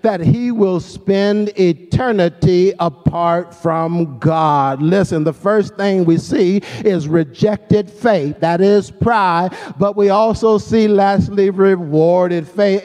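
A man preaches in a high, ringing voice. He takes his time, stretching key words and calling on the congregation to shout back, and sometimes lifts his phrases into a sung cadence. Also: faint music behind. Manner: preaching with call-and-response, slowing words for emphasis, breaking into sung tones. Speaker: pastor. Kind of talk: sermon.

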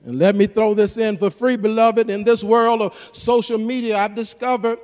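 A man preaching a sermon as pastor, calling out to the congregation and building to loud emphatic peaks. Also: high-pitched, level tone, moderate pace, in a large hall. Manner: call-and-response preaching, rising to shouts.

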